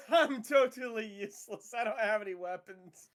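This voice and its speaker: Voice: medium pitch, normal speed, fairly bright tone. A player in a tabletop game who jokes crudely and laughs at themselves. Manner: joking, crude, laughs at self. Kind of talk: casual tabletop play over voice chat.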